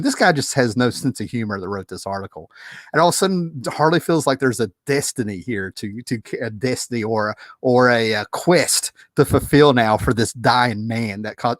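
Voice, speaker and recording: A man hosting a casual movie commentary video, talking in an animated, exasperated, rambling way with frequent restarts and laughs. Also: mid-range voice, dry recording, studio quality.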